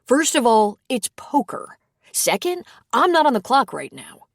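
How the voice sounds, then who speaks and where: A woman's voice: high voice, big pitch swings, a little slow, dry recording, clean studio sound, pitched above the performer's own voice, exaggerated voice. A woman reading the lines of a cheerful, joking male priest in an audiobook. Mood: playful. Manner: playful, mock-offended.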